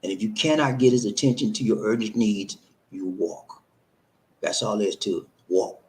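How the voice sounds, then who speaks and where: A man's voice: lowish voice, moderate pace, a little mellow, poor audio. Emphatic male live stream host. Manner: emphatic and repetitive, preacher-like cadence. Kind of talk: live stream advice talk.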